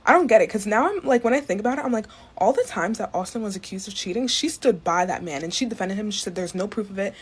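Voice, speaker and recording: A woman talks fast and breathlessly through her take on a celebrity rumor. Her tone is gossipy and incredulous, in the style of a quick social media commentary. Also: medium pitch, animated, husky.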